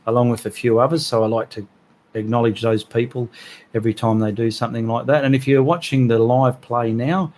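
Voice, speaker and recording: Casual bloke, mid-pitched voice, hosting a live stream and greeting viewers one by one. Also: male voice, a little mellow, slight background noise. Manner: chatty, friendly, reads out viewer names with small asides. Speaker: host of a live art stream.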